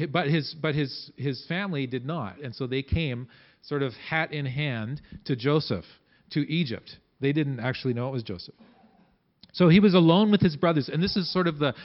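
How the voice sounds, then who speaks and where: A man preaching a sermon in a conversational way, acting out quotes with big swings in pitch and loudness. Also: highs cut off. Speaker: pastor.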